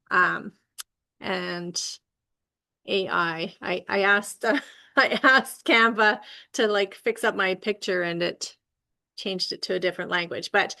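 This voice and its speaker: Friendly woman host pitching on a video call; easygoing, gravelly undertone, loose and chatty. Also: fairly bright tone. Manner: chatty, laughs often, trips over words. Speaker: host of a business opportunity call.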